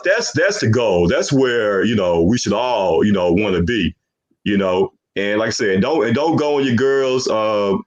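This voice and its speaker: A man's voice: lowish voice, lively intonation, moderate pace, highs cut off. Laid-back rambling male podcast host. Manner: rambling, full of "you know what I'm saying". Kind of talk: casual chat.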